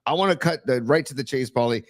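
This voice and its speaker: A man's voice: medium pitch, fast talker. A man co-hosting a sports podcast, bantering casually in a blunt, joking way. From San Francisco Bay Area.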